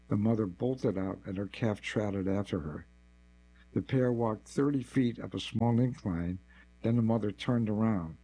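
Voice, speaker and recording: A man narrating a nonfiction article as scripted narration, with a measured, even delivery. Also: fairly low pitch, rough recording.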